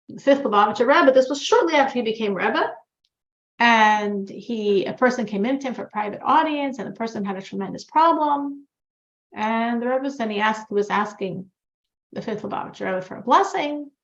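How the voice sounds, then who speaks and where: A woman's voice: on the high side, creaky. A woman teaching a religious class, telling stories and acting out the characters' lines as she quotes them. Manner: storytelling, animated quoting of characters. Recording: echoey, dull lo-fi room sound.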